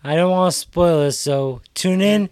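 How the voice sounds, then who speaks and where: A man speaking as a radio DJ in relaxed, casual chat. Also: on the high side, normal speed.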